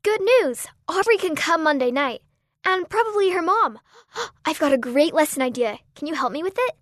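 A woman's voice: high voice, lively intonation, moderate pace, no echo, studio quality. A woman voicing an eager, cheerful young girl in a children's story. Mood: excited.

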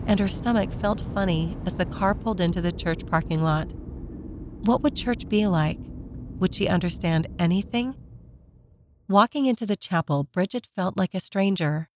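Gentle low-voiced woman reading a children's story. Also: noisy background. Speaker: narrator. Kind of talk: scripted narration of a children's story.

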